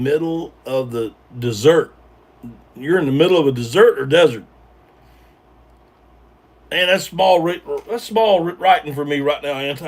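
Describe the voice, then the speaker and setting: Brief: male host, a touch high-pitched, casual meandering livestream talk with frequent restarts. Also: husky, far from the mic. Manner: rambling, hesitant, full of ums and repeated starts. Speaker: livestream host reading chat. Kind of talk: casual live-stream chat.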